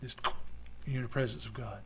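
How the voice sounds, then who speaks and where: A man's voice: medium pitch, fairly even intonation, brisk, slight background noise. Fervent preacher man. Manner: fervent, swinging between loud outbursts and quiet asides. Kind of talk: sermon and closing prayer. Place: church with online stream.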